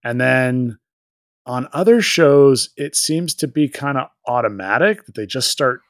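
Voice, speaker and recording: A man co-hosting a podcast in casual chat, joking, rambling, and breaking into quick quoted voices. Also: medium pitch, expressive, dry recording, studio quality. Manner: rambling, with restarts and filler. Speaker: podcast co-host.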